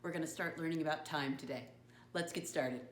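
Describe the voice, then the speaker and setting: A woman's voice: deep voice, brisk, slight background noise. A woman teaching a first-grade lesson, encouraging and patient. She calls the children her friends and spells words out letter by letter. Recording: echoey room, voice from a distance.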